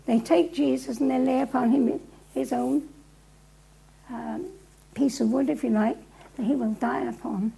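Woman preacher, high raspy voice, dramatic storytelling sermon. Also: fairly even intonation, unhurried, long pauses, warm tone, rough recording. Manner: vivid, dramatic retelling, speaking to a live audience.

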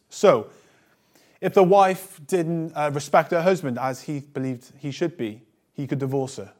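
A man delivering a sermon in a slightly higher-pitched voice. He reads scripture aloud and then unpacks it in a conversational tone with the odd light aside, and his phrases often fall away softly at the end. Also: moderate pace. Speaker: preacher. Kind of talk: sermon with Bible reading.

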